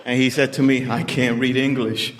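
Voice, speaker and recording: A middle-aged man speaking at a recovery meeting, giving personal testimony in an unhurried, plain-spoken storytelling way with many pauses. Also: mid-range voice, little pitch movement, slight background noise. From Puerto Rican family background.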